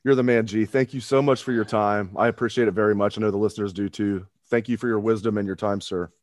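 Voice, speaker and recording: A man's voice: on the low side, fairly even intonation, fast, a little mellow, no echo, studio quality. A man hosting a casual sports podcast, joking and complaining with mock exasperation. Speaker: podcast host.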